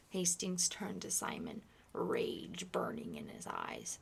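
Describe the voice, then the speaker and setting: A woman reading a novel aloud in a hushed, soft-spoken ASMR style, partly whispered. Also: medium pitch, huge pitch swings, takes it slowly, gravelly, few pauses, breathy edge. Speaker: ASMR reader.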